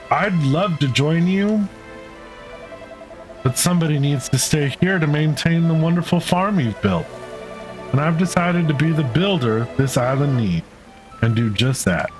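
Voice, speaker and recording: Guy doing an earnest sorry villager, fairly high voice. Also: rough recording. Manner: earnest, apologetic. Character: humbled devout villager staying behind to farm.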